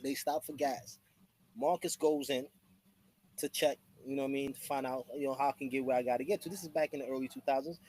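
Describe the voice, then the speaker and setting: A man's voice: medium pitch, steady tone, fast, a little mellow, poor audio. A man hosting a live talk show, telling stories casually in street slang and acting out the voices of people he quotes. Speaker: host. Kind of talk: casual storytelling chat.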